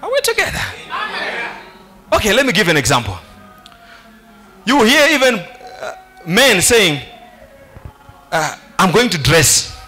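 A man with a South African accent preaching a sermon to a church congregation, often shouting and laughing between lines. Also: high-pitched, huge pitch swings, unhurried, pauses often, faint music behind. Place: church hall with an audience.

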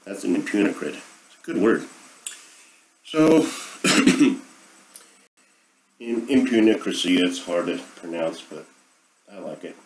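A man's voice: sits low, expressive, takes it slowly, long pauses, poor audio. A middle-aged man hosting a casual monologue, rambling and sarcastic as he airs his opinions. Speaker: podcast host.

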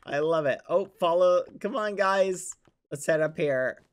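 A man's voice: sits high, a little slow. A young man streaming a game, gushing over gifts with clean stand-in swears, many "aw"s and much laughing. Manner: says "aw" again and again, laughs often. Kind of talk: live game stream chat.

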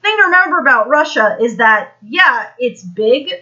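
Chatty bright-voiced woman teaching history. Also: on the high side, expressive, moderate pace, highs cut off. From United States. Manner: chatty, rambling, many fillers and restarts. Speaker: history streamer. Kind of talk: casual live-stream history lesson.

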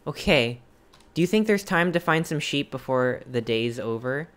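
Excitable streamer with a wildly swinging pitch. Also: normal speed. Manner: excitable, gasping and exclaiming at discoveries; thinks aloud with hesitant questions and restarts. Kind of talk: casual live gameplay stream, chatting with viewers.

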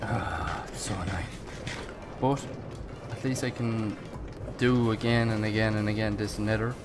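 Young male gaming host, slow-paced, cusses and mutters to himself mid-game, music bed behind. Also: on the low side. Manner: excitable, swears often, talks to himself while playing. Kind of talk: live gameplay commentary.

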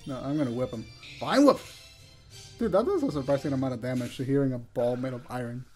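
A man's voice: mid-range voice, lively intonation, fast, a little mellow, faint music behind. Sweary, teasing man playing a game. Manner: swears a lot, teasing and sarcastic. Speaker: let's play player. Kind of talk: casual gameplay chat.

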